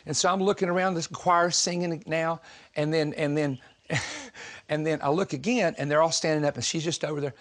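A man from the southern United States preaching a sermon, telling stories in an animated, joking way and laughing often. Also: a little high, a little fast. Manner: animated, humorous storytelling with frequent laughter.

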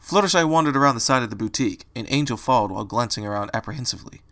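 A man's voice: mid-range voice, very fast, hardly any pauses, a bit bright. Man narrating a storybook reading. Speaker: reader.

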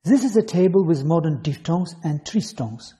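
A man's voice: fairly high pitch, expressive, normal speed, dark tone. A man from Azerbaijan, an English teacher reading letters and example words one at a time in an online phonetics lesson.

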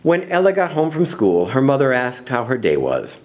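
A man reading a children's picture book aloud in an expressive, animated way. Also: medium pitch, moderate pace, slight background noise. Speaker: storybook reader.

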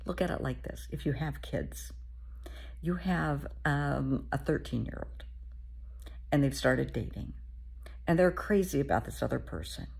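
Very gravelly, breathy-voiced woman therapist. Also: rumbling low, expressive, measured pace. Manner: soft, half-whispered, calls listener honey. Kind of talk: motivational talk to camera.

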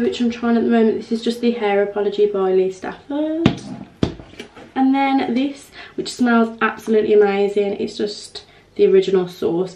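A woman's voice: fairly high pitch, darkish tone, a little hiss or hum. A young woman, chatting casually to camera in a rambling home vlog. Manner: chatty, rambling, drops to a near whisper at times. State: out of breath. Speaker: vlogger. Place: home, indoors.

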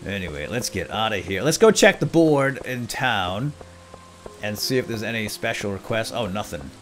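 A man giving casual, excitable commentary while playing a video game, and calling out to the characters as if they could hear him. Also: fairly low pitch, moderate pace. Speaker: let's play gamer.

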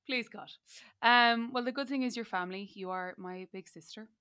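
A woman's voice: a little high, moderate pace, bright, forceful tone, smooth. An Irish woman in her twenties hosting a podcast, playful and giggly as she interviews her older sister. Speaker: podcast host. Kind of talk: casual interview chat.

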